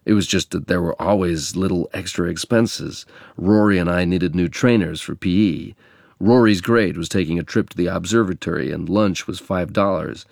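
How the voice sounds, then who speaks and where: A man from England narrating a memoir in a measured, reflective reading. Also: low-pitched, gravelly, a little mellow, no room sound, studio quality.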